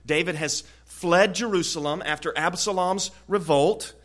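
A man preaching an expository sermon in an earnest way, often repeating words and growing louder on key points. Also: high-pitched, a little slow. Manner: earnest, frequent word repetitions, swells louder on key points.

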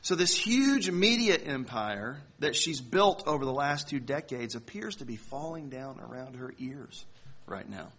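A man delivering a sermon to a congregation, telling a story in a conversational way with slow, emphatic phrasing. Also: mid-range voice, animated, fairly bright tone, breathy edge. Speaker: pastor.

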